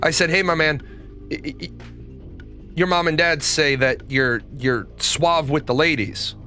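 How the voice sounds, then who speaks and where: A man's voice: fairly high pitch, measured pace, pushed and bright, faint music behind. A middle-aged man telling blunt, profane stories in a casual monologue as host.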